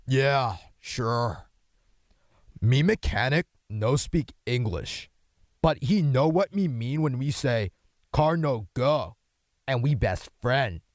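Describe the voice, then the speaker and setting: A young man with a hoarse voice voicing a slow, dim middle-aged male office accountant, speaking in simple broken phrases. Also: mid-range voice, lively intonation, dry recording, clean studio sound. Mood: dopey. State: hoarse from yelling. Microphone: microphone.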